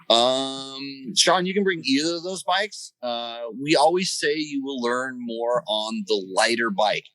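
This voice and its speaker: A man's voice: medium pitch, unhurried, few pauses, a bit bright, no room sound, rough recording. A man hosting a riding-tips show by phone from the roadside, answering viewer questions with a joking, coaching manner. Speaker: host and riding coach calling in. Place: by the side of a road. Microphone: phone call-in.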